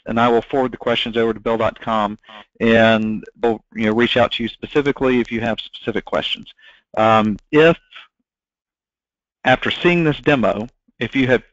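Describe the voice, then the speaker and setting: A man's voice: medium pitch, dry recording. A man moderating a live webinar question session, courteously reading audience questions to the presenter. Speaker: webinar host. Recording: dull, dry, lo-fi webinar audio.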